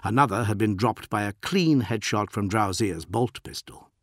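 A man narrating an audiobook in a steady, dramatic reading. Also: on the low side, normal speed, no room sound, studio quality.

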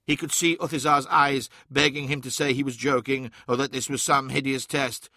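A man reads a dark fantasy audiobook with dramatic intensity, his voice swelling on moments of fire and falling hushed on sorrow. The tone is bright and forceful, recorded close and dry with no room sound. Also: medium pitch, steady tone, moderate pace, dry recording. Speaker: audiobook narrator. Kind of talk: scripted dramatic narration.

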